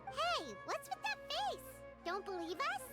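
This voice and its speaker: A woman voicing a tiny, chatty, excitable female companion creature in a video game, who talks about herself in the third person. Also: unhurried, full character voice. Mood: eager. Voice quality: high and squeaky. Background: game music.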